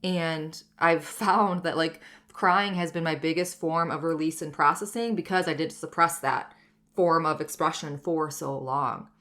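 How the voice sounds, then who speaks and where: A woman in her thirties delivers a monologue on her own wellness podcast, her low voice unhurried, a bit bright, and fairly even in intonation. She talks candidly and reflectively, often saying "like" and "you know."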